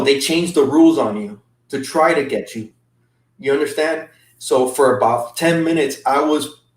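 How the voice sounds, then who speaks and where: Guy telling a story, halting, lots of restarts, echoey room, mic kinda far off. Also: a little high. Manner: halting, restarts often, emotional recounting. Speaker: guest. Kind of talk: casual storytelling. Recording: roomy sound from a distant mic.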